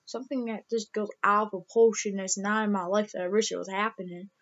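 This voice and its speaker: A woman's voice: medium pitch, steady tone, brisk, fairly bright tone, highs cut off, a little hiss or hum. A young woman vlogging casually, rambling with lots of "like" and restarts, emotional and close to tears. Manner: rambling, heavy use of "like", many restarts. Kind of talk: casual vlog talk.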